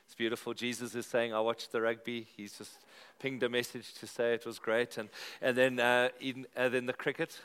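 A man's voice: medium pitch, level tone, brisk, a bit bright, clear, resonant tone. A South African man preaching at a church service. He chats and jokes with the congregation in an easy, conversational way, then moves into earnest prayer. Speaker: pastor. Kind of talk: sermon opening and prayer to a live congregation.

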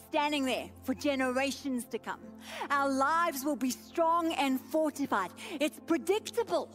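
A woman's voice: high voice, animated, unhurried, faint music behind. A woman pastor in her thirties preaching a sermon with an emphatic, repetitive cadence.

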